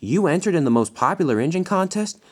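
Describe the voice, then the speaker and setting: A man voicing a stern middle-aged railway boss who speaks firmly with businesslike pauses. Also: a little high, very animated, pitched above the performer's own voice.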